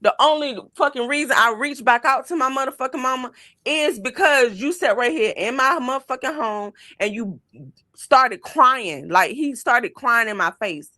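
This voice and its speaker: Young woman guest, blunt and heated, bright and fairly high voice, dry sound. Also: normal speed, dry recording. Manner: blunt, heated, heavy swearing. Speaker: livestream guest telling her story. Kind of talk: casual livestream chat.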